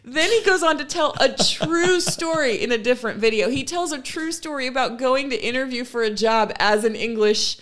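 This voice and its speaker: A woman co-hosting a chat show, retelling a funny video in a lively way and acting out the quoted voices. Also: high voice, normal speed, hardly any pauses. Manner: animated storyteller, acts out quoted voices, laughs often. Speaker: podcast co-host.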